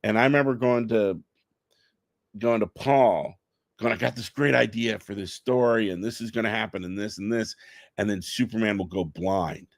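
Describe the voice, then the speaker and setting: A middle-aged man chatting excitedly in an interview, telling stories fast with stammered restarts. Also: fairly low pitch, creaky, no room sound, studio quality. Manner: enthusiastic, rapid storytelling with stammered restarts. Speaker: comic book writer guest. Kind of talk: excited podcast interview chat.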